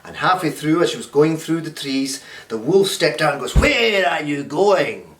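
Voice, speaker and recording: A man's voice: a little high, normal speed, a little hiss or hum. A man teaching a storytelling workshop, often checking in with the class. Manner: animated, checks in with "okay?". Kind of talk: storytelling lesson. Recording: roomy, distant mic.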